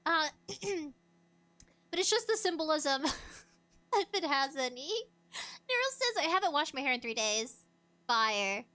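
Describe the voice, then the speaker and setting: High, bright, giggly woman streamer. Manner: giggly, animated, laughs often. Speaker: VTuber streamer. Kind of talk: casual livestream chat, reacting to a video.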